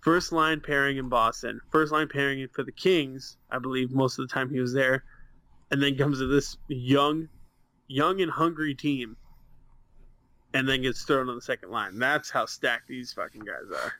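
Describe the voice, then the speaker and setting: A man's voice: mid-range voice, normal speed, bright, forceful tone, no echo. A young man co-hosting a casual sports podcast over a webcam, ranting with heavy swearing. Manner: profane, heated, ranting. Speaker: podcast co-host.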